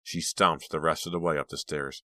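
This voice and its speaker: A man narrating a teen thriller audiobook in a measured storytelling voice. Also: very deep voice, little pitch movement, bright, forceful tone, no room sound. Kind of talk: scripted narration.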